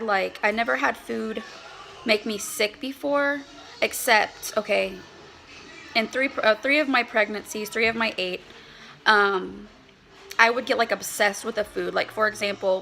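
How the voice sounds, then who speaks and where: A woman's voice: medium pitch, creaky, sharp tone, rough recording. A woman in her thirties chatting casually to camera in a rambling way, full of fillers, slightly out of breath. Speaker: vlogger, mother of a large family.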